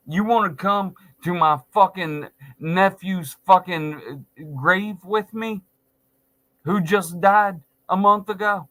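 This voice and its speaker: A man's voice: a little high, bright, forceful tone. A man in his forties giving an angry, sarcastic monologue to camera, swearing heavily. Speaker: vlogger. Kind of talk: profane ranting monologue.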